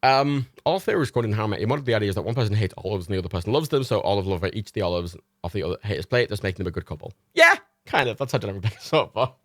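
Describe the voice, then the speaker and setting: Tipsy guy rambling on a stream, lowish voice bouncing all over, dry close sound. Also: very animated, racing, few pauses, fairly bright tone, no echo. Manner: rambling, laughs often, swears freely. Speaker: livestream host. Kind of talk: casual chat.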